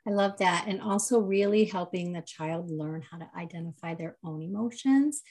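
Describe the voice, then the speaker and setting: A woman in casual conversation who speaks earnestly about parenting, with many fillers and animated stretches. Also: on the low side, moderate pace. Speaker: podcast co-host, parent of a nonverbal child.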